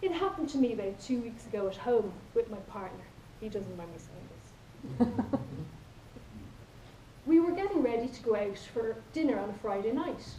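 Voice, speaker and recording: A woman's voice: fairly high pitch, lively intonation, normal speed, pauses often, warm tone, slight background noise. Playful Irish woman telling stories in a hall. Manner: storytelling, playful, acts out quoted lines. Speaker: contest speaker. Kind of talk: humorous speech. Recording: echoey hall from far off.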